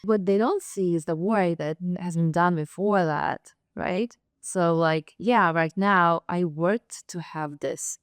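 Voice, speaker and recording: Smooth-voiced woman host, gently halting. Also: lowish voice, dry recording, studio quality. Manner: supportive, gentle, halting phrasing. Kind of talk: casual conversational interview.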